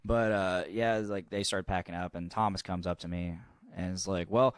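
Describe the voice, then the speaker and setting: Podcast co-host, young man, low voice, loose rambling storyteller, swears freely, dry close sound. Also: level tone, moderate pace, smooth, no room sound. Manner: rambling, swears freely, restarts often, laughs at own story. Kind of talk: casual storytelling chat.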